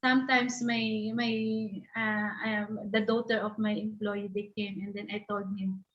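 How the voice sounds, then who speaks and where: A woman from the Philippines, a caregiver sharing her experience in halting, repetitive English. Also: medium pitch, level tone, fairly bright tone, roomy sound, muffled recording. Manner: halting, repetitive, searching for words. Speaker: caregiver and panel guest. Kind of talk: personal testimony in a discussion.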